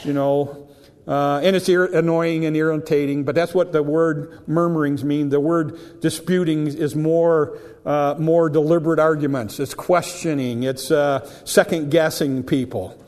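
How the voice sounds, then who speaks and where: A man's voice: fairly high pitch, fairly even intonation, unhurried, a little mellow. A preaching man in a reverberant hall. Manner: emphatic preaching with repetitions and restarts. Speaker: pastor. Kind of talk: sermon.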